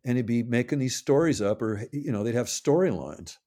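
Expressive and a little fast, an older man's mid-range, dark-toned voice wanders through long anecdotes in a relaxed interview. He corrects himself often and acts out quoted voices.

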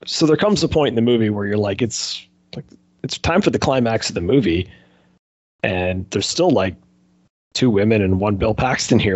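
Husky guy rambling casually, dry dull lo-fi sound. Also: mid-range voice, moderate pace, a little mellow, no echo. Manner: rambling, filler-heavy, laughing. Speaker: podcast co-host. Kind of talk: casual chat.

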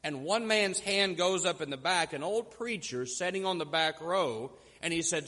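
A man preaching a sermon as pastor, telling stories and slowing down to stress key points. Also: fairly high pitch, expressive, a bit bright, long reverb tail. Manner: storytelling, slows down for emphasis.

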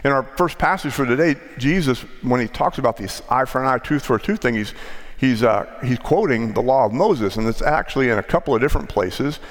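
A man's voice: mid-range voice, lively intonation, brisk. A middle-aged man with a Texan accent, preaching a sermon as pastor and telling stories in a conversational way. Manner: conversational storytelling preacher, occasional restarts. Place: large church sanctuary. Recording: long church reverb.

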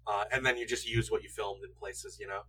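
Man, casual commentary chat, rambling explanations, bright voice, faint hum behind. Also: fairly low pitch, steady tone, fairly quick, distant mic, rough recording. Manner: knowledgeable, explains at length with fillers. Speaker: podcast host.

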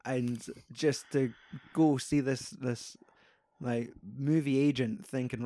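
A man's voice: mid-range voice, slow, no room sound, studio quality. A young man, chatting casually and animatedly about a film, swearing freely. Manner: animated, sweary, acts out quoted lines.

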